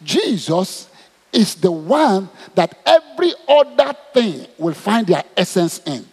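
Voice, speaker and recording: A man's voice: sits high, slow, vocal fry, slightly rough. A man with a Nigerian accent preaching a sermon, asking his congregation question after question. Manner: animated, asks the crowd questions. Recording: long hall reverb.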